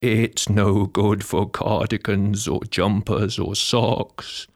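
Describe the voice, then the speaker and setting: A man's voice: fairly low pitch, little pitch movement, slow pace, no room sound, studio quality. A man voicing a sad young female sheep in a storybook.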